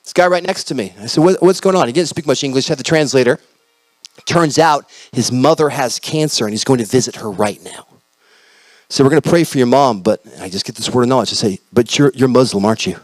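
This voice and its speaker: A male pastor preaching, telling a story with animated quoted dialogue and rising to loud proclamations. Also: mid-range voice, brisk, no room sound. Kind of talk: sermon storytelling.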